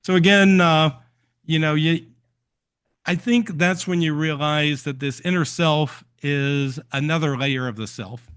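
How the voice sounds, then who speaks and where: A man hosting a live stream who answers viewer questions and tells stories in a relaxed way, with frequent ums and uhs. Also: fairly high pitch, measured pace, smooth.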